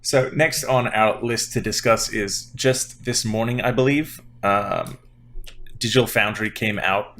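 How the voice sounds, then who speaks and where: A man's voice: fairly low pitch, a bit bright, slight background noise. A man hosting a casual podcast, explaining things at length with a lot of fillers. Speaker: podcast host.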